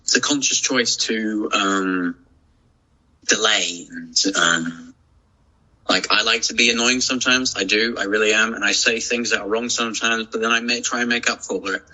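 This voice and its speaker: A man's voice: lowish voice, steady tone, normal speed, bright, forceful tone, rough recording. A man, a podcast guest talking casually and reflectively, with many restarts and fillers. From England. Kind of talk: casual chat.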